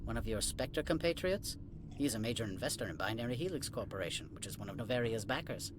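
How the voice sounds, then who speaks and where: An actor playing a curt, condescending middle-aged administrator in a video game. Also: male voice, medium pitch, expressive, fast talker, noisy background, natural voice. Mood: dismissive. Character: haughty middle-aged male corporate administrator.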